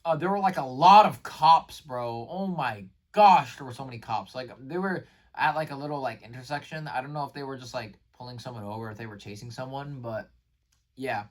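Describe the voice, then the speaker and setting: A man recapping his day in a casual vlog, rambling and excitable, with lots of fillers and restarted sentences. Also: mid-range voice, brisk, distant mic. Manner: rambling, filler-heavy, says "like" and "bro" constantly. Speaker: vlogger.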